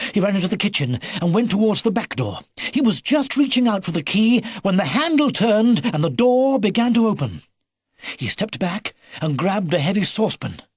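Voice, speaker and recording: A male audiobook narrator tells a children's story with animated, dramatic phrasing. His voice rides high with lively pitch movement and a touch of husk. The recording is dry and close. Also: breathy edge, dry recording. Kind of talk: scripted narration.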